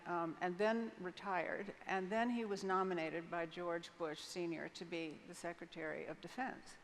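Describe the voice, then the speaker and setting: An older woman telling a personal story candidly as an interview guest on a conference stage, frank and vivid, with hesitant restarts. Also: fairly low pitch. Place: large conference hall stage. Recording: long hall reverb, faint noise.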